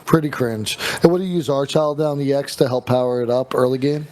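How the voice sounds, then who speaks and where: A man's voice: mid-range voice, a little fast, dark tone, a little hiss or hum, low-quality recording. A man co-hosting a podcast in casual chat, laid-back and joking with slangy remarks. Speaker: podcast co-host.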